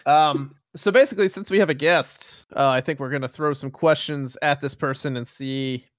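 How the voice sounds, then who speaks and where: A young man co-hosting a casual podcast, tossing out jokes and laughing often. His voice sits a little high. The sound is dry and close. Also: normal speed, no echo. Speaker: podcast co-host.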